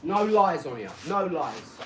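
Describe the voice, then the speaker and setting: A man's voice: fairly high pitch, sing-song, unhurried, very noisy. A middle-aged man hosting a casual live stream, boastful and chatty as he talks straight to his viewers. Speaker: live stream host and boxer.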